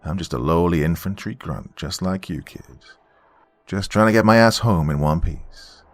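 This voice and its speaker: A man's voice: low voice, normal speed, dry recording. A man voicing a big, stealthy, cocky Marine sniper with a laid-back, wry way of talking.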